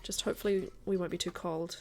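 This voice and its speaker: A woman's voice: on the low side, fairly even intonation, quick pace, gravelly. A woman streaming a video game, chatting casually with her viewers, answering their comments and laughing often. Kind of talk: casual live-stream chat while playing.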